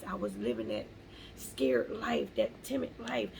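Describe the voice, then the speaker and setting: Gravelly-voiced woman giving earnest encouragement. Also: fairly high pitch, expressive, measured pace, a little hiss or hum, rough recording. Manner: earnest, repeats phrases for emphasis. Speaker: motivational vlogger. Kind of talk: casual faith-based encouragement.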